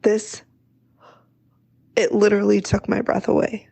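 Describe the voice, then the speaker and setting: A woman co-hosting a podcast, telling a story in a casual, animated way and acting out the people she quotes. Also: on the high side, normal speed, no room sound. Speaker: podcast co-host. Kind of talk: casual chat.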